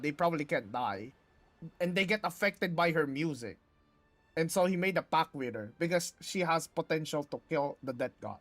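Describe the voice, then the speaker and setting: A streamer reacting loosely and excitably during a live card game stream, swearing freely. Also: mid-range voice. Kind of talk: casual live-stream commentary.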